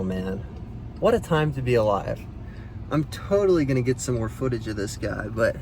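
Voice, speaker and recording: A man's voice: mid-range voice, animated, a little slow, a little mellow, slight background noise. A man casually narrating as he finds snakes on a rural road at night, chatty and easygoing. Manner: easygoing, chatty, fond of the animals. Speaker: field herping vlogger.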